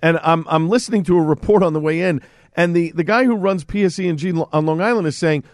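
A man's voice: fairly high pitch, fast talker, no echo, studio quality. A man co-hosting a talk radio show, ranting with indignation in casual chat. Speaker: radio co-host.

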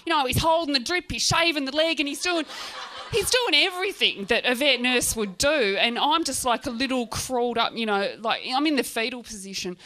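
Frank, animated Australian woman storyteller. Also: high-pitched, fairly quick, a little hiss or hum. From Tasmania, Australia. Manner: frank, animated, swears freely, acts out scenes. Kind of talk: live personal storytelling.

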